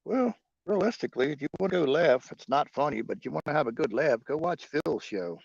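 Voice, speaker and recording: Gravelly man rambling on a livestream. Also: fairly high pitch, expressive, fairly quick, no room sound, highs cut off. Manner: profane, rambling, chuckling often. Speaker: livestream host. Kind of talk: casual livestream chat answering viewers.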